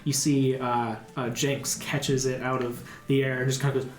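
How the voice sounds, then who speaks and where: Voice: mid-range voice, flat delivery, moderate pace, echoey room. A dungeon master narrating a tabletop game, rambling with many fillers and restarts.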